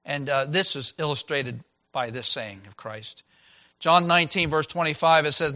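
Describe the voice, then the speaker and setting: A man preaching a sermon as a pastor, reading scripture and swinging from loud exclaiming to hushed tones. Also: on the high side, normal speed.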